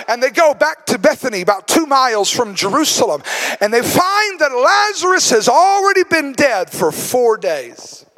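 A man preaching a sermon as a guest speaker, impassioned and building to shouts, acting out the words of biblical figures. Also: extremely high pitch. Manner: acts out biblical speakers in dramatic quotes.

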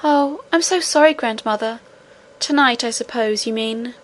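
A woman voicing a young, eager princess girl who speaks quickly and affectionately. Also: on the high side, natural voice. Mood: sorry.

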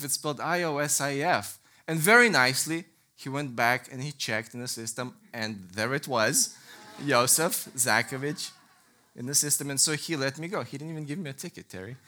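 A male preacher with a strikingly bright, clear-edged voice delivers a sermon. He teaches in an earnest, emphatic way and slips easily into lively storytelling. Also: on the high side, normal speed.

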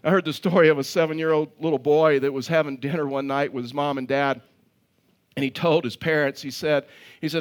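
A man's voice: fairly high pitch, fairly even intonation, fairly quick. A man preaching a sermon as a pastor, telling stories, chuckling at his own jokes and often repeating words as he restarts.

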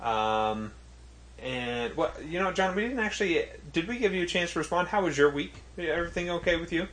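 A man's voice: on the high side, animated, brisk, a bit bright. A man hosting a podcast in casual chat, hesitant and full of ums and restarts. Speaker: podcast host.

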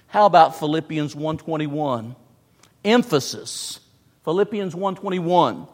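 A man's voice: fairly high pitch, animated, slow pace, darkish tone. A man preaching a sermon, emphatic, repeating phrases and stressing words in turn. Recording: long hall reverb.

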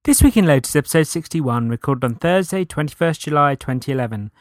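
Male podcast host, slightly higher voice, brisk and upbeat. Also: animated. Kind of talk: casual roundtable podcast hosting.

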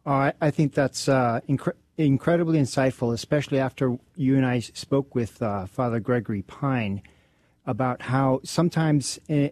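Halting male radio co-host, mellow tone. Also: medium pitch, no room sound. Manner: halting, many restarts. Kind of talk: casual chat about faith. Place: radio studio.

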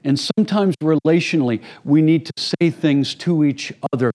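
A man's voice: fairly high pitch, moderate pace, hardly any pauses, darkish tone. A middle-aged man preaching a sermon to his church in a conversational way, acting out small everyday scenes to make his points. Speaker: pastor.

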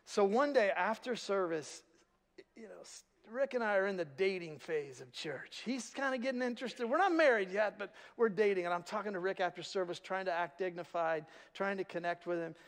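A man's voice: sits high, lively intonation, moderate pace, big-room sound. A male pastor preaching a sermon, telling stories with self-deprecating humor. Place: church sanctuary.

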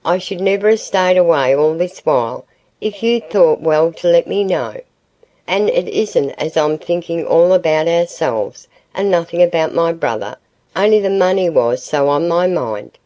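A woman's voice: lowish voice, lively intonation, unhurried, mellow. A woman reading the part of a worried, poor farmer's wife who is close to tears and pleads her family's case. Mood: tearful pleading.

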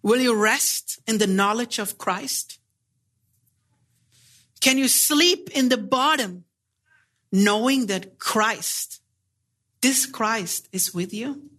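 A man preaching a sermon, earnest and deliberate, pressing his listeners with pleading rhetorical questions. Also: high-pitched, lively intonation, bright, forceful tone.

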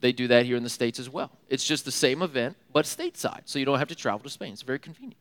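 Animated young man telling stories in a hall. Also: medium pitch, fast talker. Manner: animated, laughing, casual slang. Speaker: youth speaker. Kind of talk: storytelling sermon. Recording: long hall reverb.

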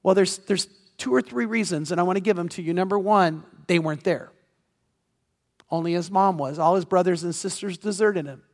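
Speaking a little fast in a high-pitched voice, this male pastor delivers a sermon built around an earnest personal story, pressing each point with emphatic repetition. The recording carries the long reverb of a large hall.

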